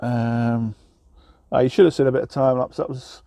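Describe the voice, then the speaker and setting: Male trucker vlogger from England, mid-pitched mellow voice, casual and rambling, light road noise. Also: steady tone, normal speed, creaky, no room sound. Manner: rambling, self-deprecating, many fillers and restarts. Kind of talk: casual vlog chat.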